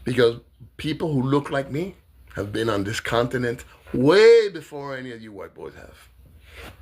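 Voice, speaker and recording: A man's voice: mid-range voice, very animated, a little slow. Fiery, profane American man ranting. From United States. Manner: heated, profane, swings from shouting to soft. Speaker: self-styled presidential candidate. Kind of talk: political rant vlog.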